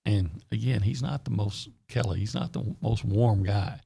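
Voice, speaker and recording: A man's voice: on the low side, steady tone, moderate pace, vocal fry, warm tone, husky. A man co-hosting sports radio talk, giving blunt, opinionated takes in a casual way.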